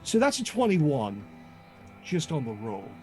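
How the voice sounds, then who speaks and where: A man's voice: fairly high pitch, wildly swooping pitch, unhurried, dark tone, faint music behind. A man playing a tabletop game, joking and flirting playfully in character talk. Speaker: player.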